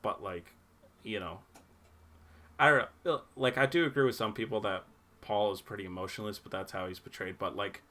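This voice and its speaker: Young male podcast host, bright voice, loose and profane, full of fillers and laughs. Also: on the low side, normal speed. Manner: laughing, swearing, rambling with many fillers. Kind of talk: casual chat.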